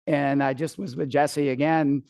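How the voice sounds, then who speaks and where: A middle-aged man speaks from a seminar stage in a fairly high voice. He tells a story with casual swearing and acts out his own panic. The sound is dry and close. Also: little pitch movement, a little slow, a little mellow, no echo. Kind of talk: live seminar talk.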